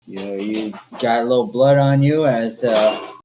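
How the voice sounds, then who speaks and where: A man's voice: mid-range voice, normal speed, noisy background. A man narrating as dungeon master, calling for dice checks and describing how each combat move turns out. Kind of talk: narrating a tabletop game.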